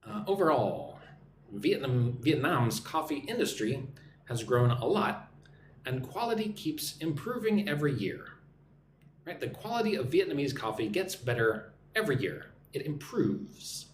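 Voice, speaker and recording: A man's voice: mid-range voice, big pitch swings, a little slow. An American man teaching English on a live stream, chatting and reading viewer comments aloud. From United States. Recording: echoey room with faint background noise.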